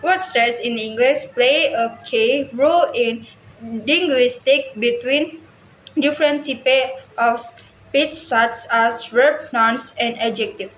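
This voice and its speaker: A woman reads a class presentation aloud, slowly and haltingly, restarting some words. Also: on the high side, fairly bright tone, soft background music. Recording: echoey room, faint ambience.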